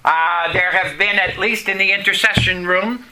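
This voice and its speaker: A middle-aged man preaching a sermon, reading scripture and leading the congregation in call-and-response with dramatic pauses. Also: high voice, fairly even intonation, bright, forceful tone. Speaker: pastor.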